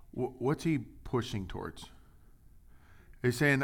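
This middle-aged pastor's sermon is conversational, his fairly low voice moving a little slowly. He drops to a hush for asides and climbs to booming emphasis when reading.

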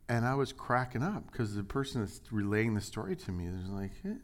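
A pastor preaches a sermon in a low-ish, fairly quick male voice, reading scripture and acting out quotes. He shifts between loud, raised lines and quiet asides.

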